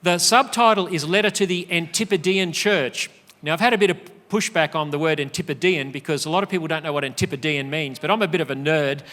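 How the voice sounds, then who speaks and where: A man's voice: a little high, fast talker, sharp tone, long reverb tail. A middle-aged Australian man giving an earnest, emphatic conference speech, with frequent fillers. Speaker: speaker. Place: large conference hall.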